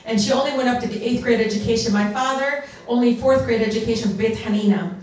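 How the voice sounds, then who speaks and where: A woman whose first language is Arabic tells stories in an animated way at a fundraiser. Her voice sits a little high. She is picked up from far off in a large, echoing hall. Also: fast talker. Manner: animated storytelling, slips into Arabic. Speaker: guest speaker, congresswoman. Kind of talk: storytelling speech at a fundraiser.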